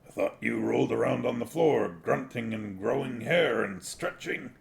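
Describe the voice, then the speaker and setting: A scruffy, cynical talking street dog, as a man puts him on for a storybook reading, grumbling in a gravelly, altered voice. He sounds mock-prim and world-weary. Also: mid-range voice, normal speed. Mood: whimpering.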